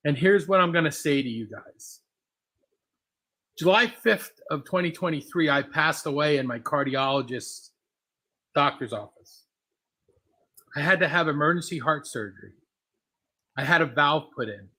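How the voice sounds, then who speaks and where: A man speaking as a guest on a live stream, telling a personal story in an earnest, halting, emotional way. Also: on the high side, bright, forceful tone, breathy edge.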